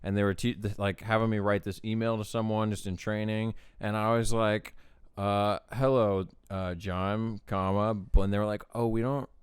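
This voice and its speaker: A man co-hosting a comedy podcast who tells stories in a low-key, deadpan way. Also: moderate pace, clean tone, no echo, studio quality. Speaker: podcast co-host. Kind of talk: casual podcast chat.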